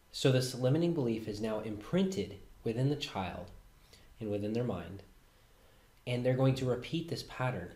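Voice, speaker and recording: A man hosting a reflective self-help talk, speaking calmly and letting his voice fall softly at the ends of phrases. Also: medium pitch, normal speed. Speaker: host. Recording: roomy echo.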